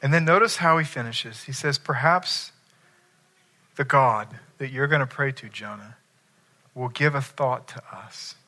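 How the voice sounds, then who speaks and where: Bright-voiced male preacher. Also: medium pitch, unhurried. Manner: emphatic, asks the congregation questions. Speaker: pastor. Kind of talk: sermon.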